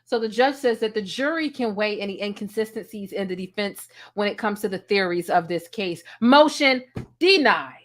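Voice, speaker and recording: A woman's voice: medium pitch, lively intonation, normal speed. A woman giving casual commentary as a vlogger, blunt, sassy and profane as she sums up a court day from home.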